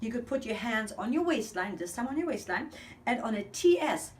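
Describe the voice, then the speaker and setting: A woman's voice: fairly high pitch, animated, a little fast. Upbeat woman vocal coach counting breaths. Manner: counting steadily, upbeat and encouraging. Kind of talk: breathing exercise lesson.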